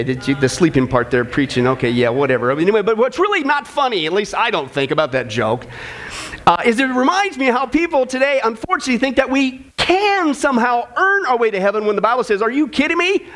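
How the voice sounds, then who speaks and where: Male pastor, high voice, casual jokey sermon, talks straight to the audience. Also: fairly bright tone, a little hiss or hum. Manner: casual, jokey, keeps saying "folks" and "okay?". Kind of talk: sermon with jokes.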